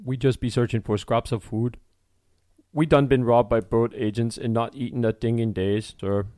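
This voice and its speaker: A man's voice: medium pitch, measured pace, darkish tone, no echo, clean studio sound, close to an everyday voice. A man voicing a skinny, hungry runaway man who speaks nervously and pleads. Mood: nervous pleading.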